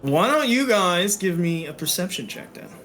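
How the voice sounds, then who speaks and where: Animated, bright-voiced male game master. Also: high voice, moderate pace. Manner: animated, playful narration, frequent laughs. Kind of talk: narrating a tabletop game.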